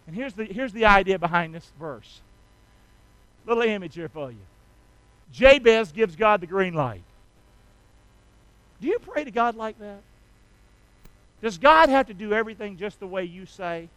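A man's voice: sits high, expressive, normal speed, a bit bright, dry recording, low-quality recording. A man preaching a sermon, folksy and full of rhetorical questions to the congregation. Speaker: pastor.

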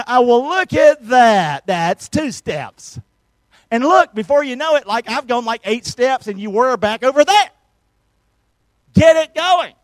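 A middle-aged man preaching an energetic sermon, calling the congregation to answer him. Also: sits high, dry recording, rough recording. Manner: energetic, call-and-response with the congregation. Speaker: pastor.

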